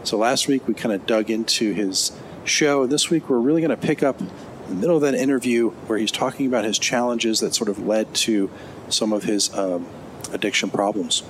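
A man hosting a podcast, introducing an interview segment in a relaxed way with fillers. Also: fairly quick, rough recording. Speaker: podcast host. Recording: clear background rumble.

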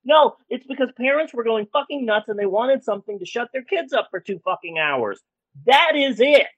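Animated woman ranting on a podcast. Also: a little high, normal speed, breathy edge, lo-fi sound. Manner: angry, profane ranting. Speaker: podcast co-host. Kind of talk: casual podcast rant.

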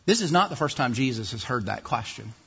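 Husky-voiced man preaching in a hall. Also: medium pitch, brisk. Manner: expository preaching, lively, acts out voices mockingly. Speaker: pastor. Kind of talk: sermon. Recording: dull distant sound in a reverberant hall.

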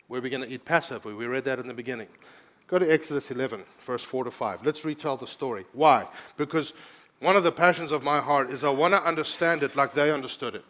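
A man's voice: mid-range voice, a bit bright. A man preaching a sermon as pastor, teaching scripture and rising to urgent, emphatic preaching, often asking the congregation to respond.

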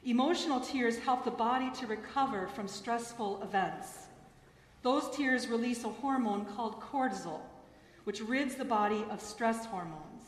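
A woman pastor and chaplain giving a gentle, earnest sermon after a gospel reading in a church. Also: on the high side, moderate pace. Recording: echoey church hall.

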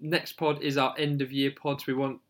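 A man's voice: mid-range voice, level tone, moderate pace. A man co-hosting a casual podcast, bantering dryly and steering the chat toward the wrap-up. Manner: dry, bantering, steers the show. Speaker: podcast co-host.

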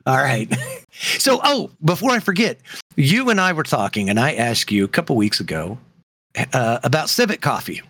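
A man's voice: medium pitch, very animated, normal speed, a bit bright, no room sound, studio quality. A man co-hosting a casual podcast chat, joking and laughing often. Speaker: podcast co-host.

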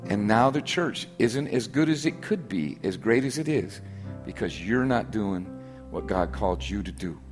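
A man preaching a sermon as pastor, stressing points by repetition and dropping to soft, quiet asides. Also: lively intonation, moderate pace, over music. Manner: preaching with sudden drops to soft, low, intimate asides and emphatic repetition.

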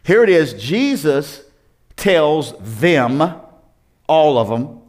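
A man's voice: on the high side, sing-song, drawn-out words, a little mellow. A male pastor delivers a sermon in a slightly raised voice, retelling the story as if chatting with the congregation. He tosses out rhetorical questions, stumbles and restarts, and keeps the tone loose and conversational.

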